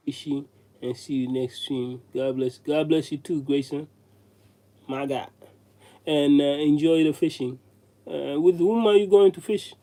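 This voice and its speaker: A man's voice: a little high, fairly even intonation, unhurried, warm tone, slight background noise. A man streaming live, chatting casually with viewers in a rambling way.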